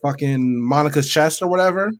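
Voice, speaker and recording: A man co-hosting a casual podcast chat, animated, joking and swearing freely. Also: fairly high pitch, brisk. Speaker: podcast co-host.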